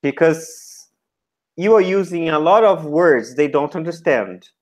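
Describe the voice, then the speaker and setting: A man coaching a new teacher. His pitch swings a lot as he acts out classroom commands, and he speaks slowly, in short deliberate chunks. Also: lively intonation. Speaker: teacher trainer. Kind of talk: teaching feedback session.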